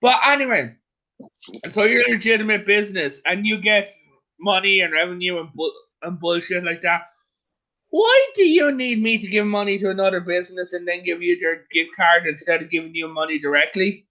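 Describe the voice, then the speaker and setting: A man tells anecdotes in casual podcast chat. His voice is high and bright. The audio is dull and lo-fi. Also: expressive, normal speed. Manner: storytelling, mimics callers. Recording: dull lo-fi sound.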